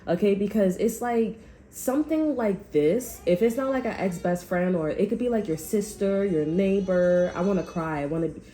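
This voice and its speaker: A woman's voice: mid-range voice, moderate pace, dark tone. A woman giving a casual tarot reading, rambling with lots of "like" and speaking bluntly, with frequent swearing. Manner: blunt and heated. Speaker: tarot reader.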